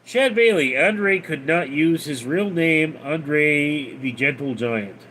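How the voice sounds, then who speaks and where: Slow, lively-pitched man reading chat. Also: slight background noise. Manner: reads out viewer names and messages, deadpan replies. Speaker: livestream host reading chat. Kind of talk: casual livestream chat.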